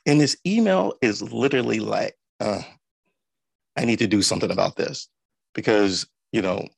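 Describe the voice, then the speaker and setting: Host, male, gravelly husky voice, storyteller who acts out quotes, dry close sound. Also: fairly low pitch, expressive, moderate pace, dry recording. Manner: anecdotal, acts out quoted people. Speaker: interview host. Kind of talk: conversational interview with storytelling.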